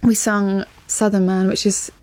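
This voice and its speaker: A woman's voice: mid-range voice, flat delivery, a little slow, darkish tone. A woman musician answering interview questions in a rambling, giggly way with lots of fillers. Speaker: musician guest. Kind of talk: casual interview chat.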